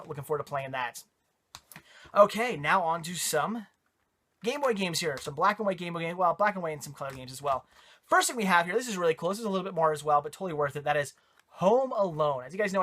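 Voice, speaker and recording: A man's voice: on the high side, fairly bright tone. A man chatting casually and enthusiastically about games he picked up, rambling with fillers and restarts. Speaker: video game collector reviewing pickups. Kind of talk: casual chat.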